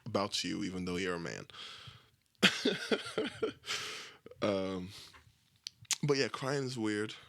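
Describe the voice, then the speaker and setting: Crude, rambling young man, low voice. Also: gravelly, sharp tone, no room sound. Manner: crude, self-deprecating and rambling, with frequent swearing. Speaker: podcast host. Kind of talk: casual solo podcast monologue.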